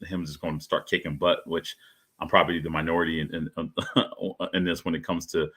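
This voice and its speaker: A man's voice: very deep voice, flat delivery, brisk, a bit bright, slightly rough. A man giving his take on a review panel over a video call. He rambles and repeats words. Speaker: co-host and reviewer. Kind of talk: casual panel review chat.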